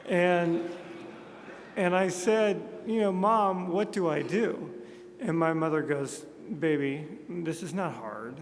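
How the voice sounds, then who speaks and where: A fairly high-voiced man in his thirties, from Montana, tells self-deprecating stories and jokey asides to a conference crowd. He speaks into a podium mic, and his voice rings out with a long reverb in a large hall over faint room noise. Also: slow. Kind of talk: humorous keynote speech.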